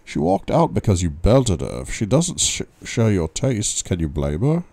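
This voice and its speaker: A man reading as a calm, probing male therapist. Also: on the low side, vocal fry, no room sound, voice pushed up, heavily acted. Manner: measured, probing questions. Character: calm probing male psychiatrist, middle-aged. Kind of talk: audiobook reading.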